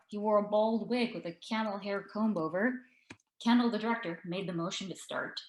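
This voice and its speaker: A woman author reading her own story aloud in an expressive, dry narrating voice. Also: medium pitch. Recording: echoey room.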